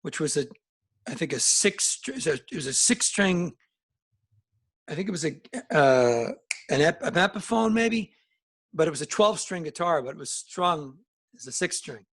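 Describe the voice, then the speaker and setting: A middle-aged man with a rough, gravelly edge and a slightly high voice spins rambling stories as an interview guest. He acts out the people he quotes and keeps the talk loose and conversational. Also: lively intonation, normal speed, a bit bright. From northern New Jersey and Alabama. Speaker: musician guest. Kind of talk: casual storytelling interview.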